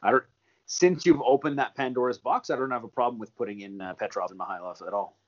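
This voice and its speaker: A man's voice: medium pitch, quick pace, darkish tone, dull audio. A man co-hosting a podcast in casual chat, easygoing and hesitant, laughing often. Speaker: podcast co-host.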